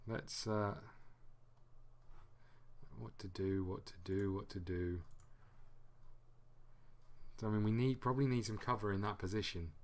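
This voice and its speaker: A man with a fairly low voice talks through a football management game. He mutters and hesitates as he weighs choices, then reacts with sudden excited gasps during matches. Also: measured pace, pauses often. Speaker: gamer. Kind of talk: let's play commentary.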